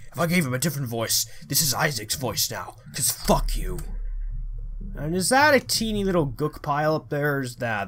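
A man giving let's play commentary, excitable, swearing a lot and thinking aloud as he plays. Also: fairly high pitch, a little hiss or hum. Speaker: gamer.

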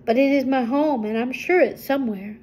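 A woman's voice: sits high, brisk, a little mellow, a little hiss or hum, voice pushed up, lightly acted, rough recording. An older woman voicing a polite, earnest young farm girl in a storybook reading.

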